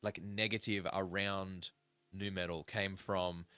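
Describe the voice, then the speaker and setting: A man's voice: low voice, little pitch movement, slow pace, pushed and bright, clear, resonant tone, no echo. A man in his thirties hosting a music podcast, talking in a casual, rambling way with plenty of swearing. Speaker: podcast host. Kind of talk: casual chat.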